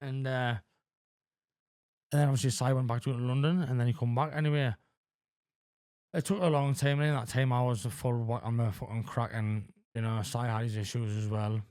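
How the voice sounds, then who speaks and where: A man in his forties talking candidly as a podcast guest, halting with lots of fillers and frequent swearing. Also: mid-range voice, level tone, darkish tone, no room sound, studio quality. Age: 40s. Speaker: podcast guest in addiction recovery. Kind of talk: candid conversational interview.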